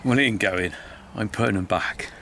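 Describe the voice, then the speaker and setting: A man's voice: fairly low pitch, normal speed, bright, forceful tone, a little hiss or hum. A middle-aged man, a farmer vlogging outdoors by his hedgerows, talking in a chatty, heartfelt, rambling way with sighs. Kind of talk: casual walk-and-talk vlog.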